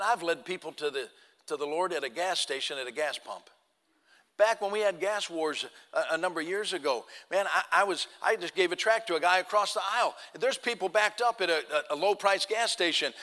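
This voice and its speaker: Animated preacher telling a story. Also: male voice, high-pitched. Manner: folksy, animated storyteller acting out both sides of the talk. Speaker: pastor. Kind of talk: sermon storytelling. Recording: long hall reverb.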